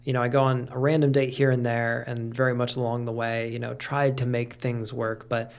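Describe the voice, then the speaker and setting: A man's voice: medium pitch, level tone, a little fast, smooth. A middle-aged man talking candidly as a podcast guest, with lots of fillers and casual swearing. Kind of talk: casual conversation.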